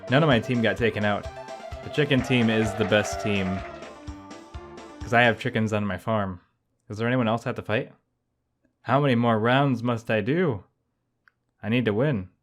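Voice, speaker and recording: A man talking casually over his gameplay as a YouTuber, thinking out loud with rambling asides. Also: on the low side. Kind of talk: casual let's-play commentary.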